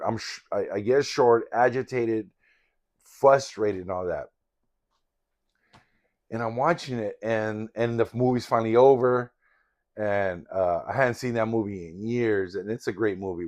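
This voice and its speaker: A man's voice: medium pitch, darkish tone. An older man telling a personal story in a casual, rambling, candid and reflective way. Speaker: vlogger in sobriety recovery.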